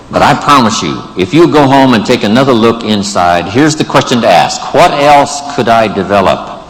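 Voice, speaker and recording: Man, low voice, motivational speech, live audience, emphatic repeated phrasing, long hall reverb. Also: fairly bright tone, slight background noise. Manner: repetitive rhetorical lists, emphatic. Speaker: motivational speaker. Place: large event room with tables.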